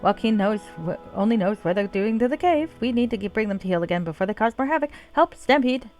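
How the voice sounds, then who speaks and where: Panicked herder guy yelling for help, a woman doing it, animated. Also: medium pitch, fast, faint music behind, natural voice. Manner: frantic, shouting. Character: panicked male cave herder crying for help.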